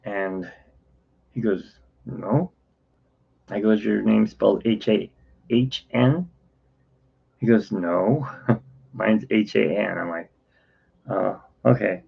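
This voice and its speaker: A weary man with a low, gravelly, husky voice tells a long personal story, wandering off track and acting out what others said. The sound is dull and lo-fi. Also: takes it slowly, pauses often. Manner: rambling, self-interrupting, acts out quoted dialogue. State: tired. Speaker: channel host. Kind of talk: casual storytelling vlog.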